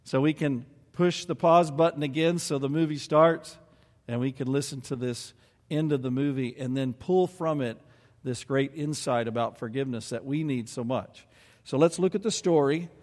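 A man's voice: mid-range voice, moderate pace, a little mellow, long reverb tail. A man preaching a sermon and reading scripture aloud, earnest and building to emphatic peaks.

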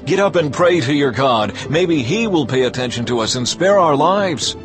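A man's voice: a little high, animated, moderate pace, over music, lightly acted. A man voicing a stern male ship captain giving urgent orders in a dramatized scripture reading.

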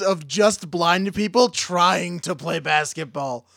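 A man's voice: sits high, slow, vocal fry, few pauses, background noise. A man co-hosting a podcast in casual chat, joking and sarcastic, laughing often. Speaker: podcast co-host.

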